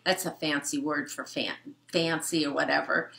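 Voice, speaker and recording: An older woman reading a picture book to children in a gentle, chatty way, stopping to explain words and talk to the kids. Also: low-pitched, lively intonation, measured pace, vocal fry, echoey room, a little hiss or hum. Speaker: storytime reader.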